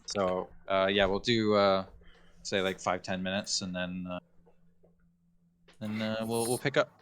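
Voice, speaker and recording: A man narrating as game master, hesitant with many pauses and fillers. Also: low voice, steady tone, a bit bright, smooth. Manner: hesitant, many ums and restarts. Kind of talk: narrating a tabletop game over voice chat.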